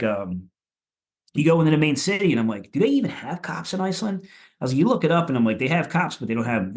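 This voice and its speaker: A man from Philadelphia, a punk musician guest on a podcast, telling stories in a rambling way with lots of swearing and "like" fillers. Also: medium pitch. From Philadelphia, USA. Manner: rambling, profane, many "like" fillers. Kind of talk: casual chat.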